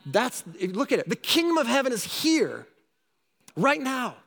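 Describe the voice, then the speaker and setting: A man preaching a sermon, animated, with rising shouts and repeated calls to his listeners. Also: extremely high pitch, unhurried, gravelly, big-room sound. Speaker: pastor.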